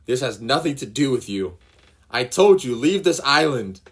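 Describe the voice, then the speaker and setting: A man's voice: fairly low pitch, animated, moderate pace, slightly rough. A man voicing a tearful, desperate young woman who pleads in a raised voice. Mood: angry.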